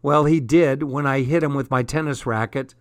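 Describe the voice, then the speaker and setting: A man voicing an exasperated middle-aged father phoning home from abroad, blustery and quick to scold. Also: mid-range voice, steady tone, no echo, studio quality, natural voice. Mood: chatty. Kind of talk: audiobook character voice.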